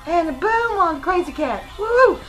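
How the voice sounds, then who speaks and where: A woman voicing a feisty, cranky house cat in a squeaky, cussing voice for a home video. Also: expressive, a little slow, fairly bright tone, soft background music, full character voice, rough recording. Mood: giddy.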